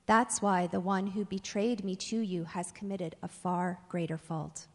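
Calm man on trial, read by a woman, measured, steady, gravelly voice, long reverb. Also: on the low side.

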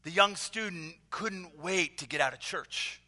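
Brief: male pastor, sermon storytelling, bright tone, long hall reverb. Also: high voice. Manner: storytelling, with acted voices and dramatic pauses.

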